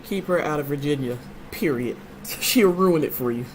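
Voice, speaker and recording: A woman's voice: deep voice, animated, moderate pace, slight background noise, poor audio. A woman hosting a casual vlog chat, telling stories to her viewers in a playful, emphatic way. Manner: chatty storyteller, playful and emphatic. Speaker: vlogger host.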